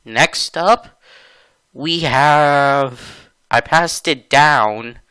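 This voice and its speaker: Man, gameplay commentary, unhurried, chatty, exasperated at times, dry close recording. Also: on the high side, sharp tone, clean tone, dry recording, low-quality recording. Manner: chatty, laughs often, gets exasperated. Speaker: gaming channel host.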